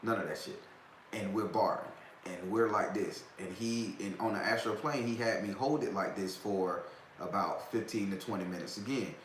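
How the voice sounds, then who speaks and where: A man's voice: lowish voice, normal speed. A man hosting a live talk, telling a story in a loose, profane, casual way and laughing often. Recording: echoey room, faint background noise.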